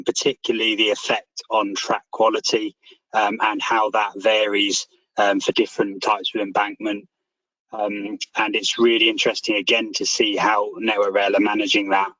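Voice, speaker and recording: A man chairing a meeting and thanking presenters over a video call, relaxed and halting with many ums. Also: lowish voice, no room sound. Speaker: section chair hosting a meeting. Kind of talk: closing remarks on a video call. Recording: dull lo-fi call audio.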